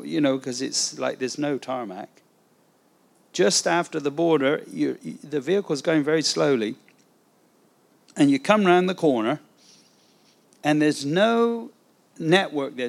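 A man, an evangelist, telling a testimony story in a sermon, animated and acting out the dialogue. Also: on the high side, creaky.

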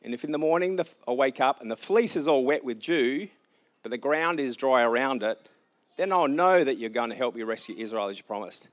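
A man's voice: expressive, a little fast, lightly acted. A man voicing an anxious, doubting young male hero in a retold scripture story, pleading and raising his voice. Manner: pleading, higher and louder than his own voice.

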